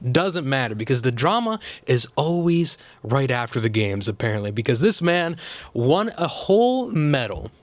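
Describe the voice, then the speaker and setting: A man's voice: medium pitch, big pitch swings, moderate pace, no echo. A man hosting a casual comedic commentary, sarcastic and full of rambling asides. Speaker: host.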